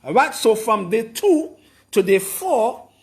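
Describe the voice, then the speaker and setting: A man giving an informal lecture, explaining slowly and repeating his points with emphasis. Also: high-pitched, sing-song. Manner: slow, repetitive, emphatic explaining. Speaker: herbalist explaining a program.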